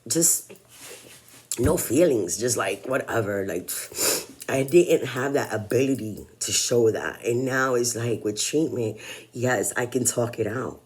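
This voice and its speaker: Blunt, husky-voiced woman in her forties. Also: extremely low pitch, a little slow, darkish tone. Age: 40s. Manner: blunt, candid, swears freely. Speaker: vlogger. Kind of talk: personal vlog monologue.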